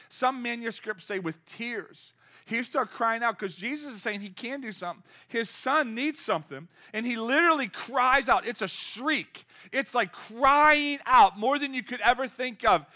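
A male pastor preaching to his congregation, with a high voice. His tone is bright and forceful, chatty one moment and loudly impassioned the next, and he keeps asking the room questions. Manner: conversational, rising to impassioned cries. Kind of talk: sermon. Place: church.

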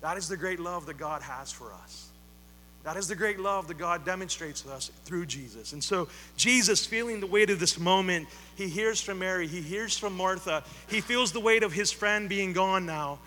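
Man preaching, high and bright, repeats lines for emphasis, church hall echo with faint hum. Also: normal speed. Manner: emphatic, repeats phrases, rises to loud appeals. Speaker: pastor. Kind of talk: sermon.

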